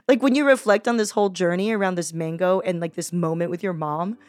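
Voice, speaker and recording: A woman host, born in Taiwan and raised in America, chatting in a casual, expressive way during an interview. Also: fairly low pitch, moderate pace.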